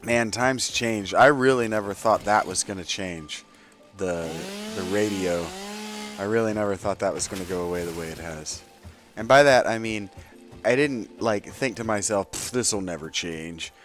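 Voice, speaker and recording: A man streaming a game, chatting casually and rambling as he thinks aloud, swearing freely and slipping between soft whispers and louder bursts. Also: fairly low pitch, normal speed, soft background music. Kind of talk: casual gaming livestream chat.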